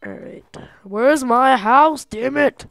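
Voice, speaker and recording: A young woman giving casual gameplay commentary, excitable and talking to herself, swearing and laughing often. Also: high-pitched, takes it slowly, dry recording. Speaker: gamer.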